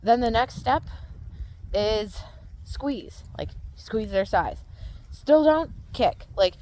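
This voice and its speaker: A woman's voice: fairly high pitch, animated, slow pace, mellow, slight background noise. A woman mindset coach talking casually to her viewers, explaining step by step and often checking in with "right?". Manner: conversational, explaining with frequent "right?" check-ins. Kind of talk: casual talk to camera.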